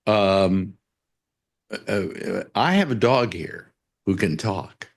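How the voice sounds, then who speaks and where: Halting older man telling jokes. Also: low voice, expressive, vocal fry. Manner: halting, many fillers and restarts. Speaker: panelist. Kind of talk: casual joke-telling on a talk show.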